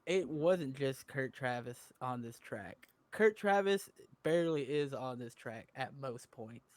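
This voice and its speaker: A man's voice: medium pitch, lively intonation, unhurried, no room sound. A young man chatting on a podcast call, eager and rambling, often cutting himself off mid-sentence. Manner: rambling, eager, self-interrupting. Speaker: podcast co-host. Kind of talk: casual chat on a call.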